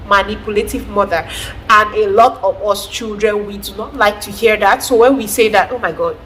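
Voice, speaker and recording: A woman, talking casually to her viewers in an animated, preachy way and often laughing. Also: medium pitch, moderate pace, a little hiss or hum. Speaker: vlogger, mother. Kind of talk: casual talk to camera.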